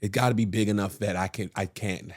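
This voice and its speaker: A man guesting on a podcast, an animated storyteller who acts out what people said, in casual chat. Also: on the low side, a little fast.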